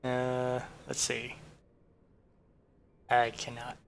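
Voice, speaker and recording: A man's voice: medium pitch, monotone, extremely slow, vocal fry, a little hiss or hum. A man casually commenting on a game he is playing, rambling and thinking aloud with self-deprecating asides. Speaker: streamer.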